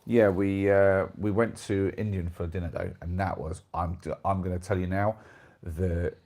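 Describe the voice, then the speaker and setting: A man's voice: deep voice, steady tone, normal speed, a little mellow. A man in his thirties with an English accent, chatting casually with viewers as the host of a live stream, rambling and self-deprecating. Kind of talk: casual chat reading viewer comments.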